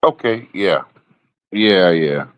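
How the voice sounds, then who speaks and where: A man's voice: deep voice, expressive, slow pace, no echo, dull audio. A man chatting with a host, answering briefly and asking short, interested questions. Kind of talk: casual chat.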